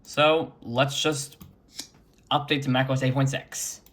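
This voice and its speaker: Slow-talking man narrating his screen. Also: medium pitch, flat delivery, a bit bright. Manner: unhurried, chatty, mutters while clicking. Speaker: retro computing vlogger. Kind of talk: casual screen-recording commentary.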